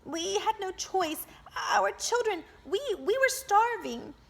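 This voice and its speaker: A woman doing a shrill, grieving peasant woman in black. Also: lively intonation, slow, vocal fry, full character voice. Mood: pleading. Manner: shrill, accusing and jeering.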